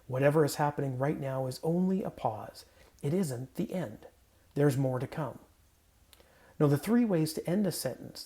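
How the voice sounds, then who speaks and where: A man's voice: fairly high pitch, a little mellow. A man, a pastor, reading scripture and then giving a casual, conversational sermon in a playful manner with self-corrections, recorded in a home guest room.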